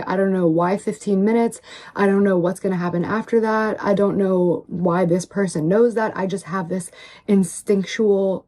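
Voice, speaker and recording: A woman's voice: mid-range voice, dark tone. A woman earnestly recounting a long story, rambling and filling her talk with "like". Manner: rambling, heavy on "like". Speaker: online personality in a played clip.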